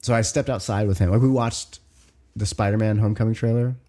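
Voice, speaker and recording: A man in his thirties, a podcast co-host telling a long story in casual chat, animated, with lots of "like" and swearing. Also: on the low side, fairly quick.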